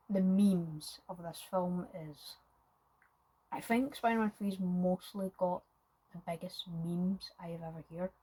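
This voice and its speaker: A woman's voice: fairly low pitch, warm tone, breathy edge, rough recording. A woman giving a casual, rambling film review, full of hesitations and restarts.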